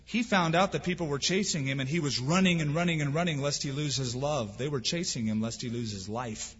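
A man's voice: on the high side, brisk, a bit bright, breathy edge. A man preaching a sermon as pastor, earnest and emphatic, with rhetorical questions. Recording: dull lo-fi sound with long hall reverb.

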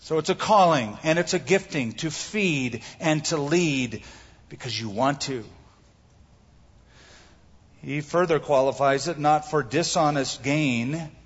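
A man's voice: medium pitch, husky, long reverb tail, dull audio. A man pastor preaching a sermon, emphatic and repeating his key phrases for the congregation. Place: church sanctuary.

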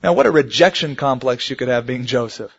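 A man's voice: medium pitch, lively intonation, a little fast, vocal fry, breathy edge. A man preaching a sermon, telling stories and rising emphatically on the key points. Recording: muffled lo-fi sermon recording.

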